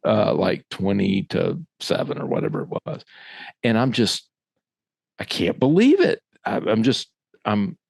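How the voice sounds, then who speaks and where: Gravelly man telling a coaching story. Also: on the low side, a little slow, no room sound. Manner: lively storyteller who acts out quoted voices. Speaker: author and former middle school football coach. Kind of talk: casual storytelling in a podcast conversation.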